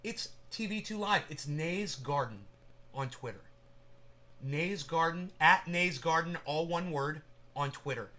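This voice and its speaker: Bright-voiced man rambling on a livestream. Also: a little high, a little slow. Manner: rambling, profane, talks to chat by name. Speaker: livestream host. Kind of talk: casual livestream chat.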